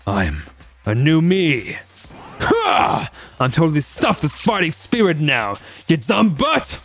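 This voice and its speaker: Man reading a brash young male student, loud and booming, game reading. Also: sing-song, slow pace, creaky, breathy edge, faint music behind, full character voice. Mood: fired up. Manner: shouting, booming declarations. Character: loud hot-headed young male student, hall monitor.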